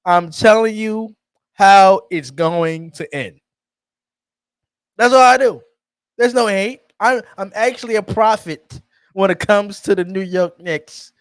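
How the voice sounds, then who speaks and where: A man's voice: high-pitched, takes it slowly, clean tone, no echo. A man co-hosting a sports podcast, mocking rival fans and laughing through his lines in casual banter. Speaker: podcast co-host.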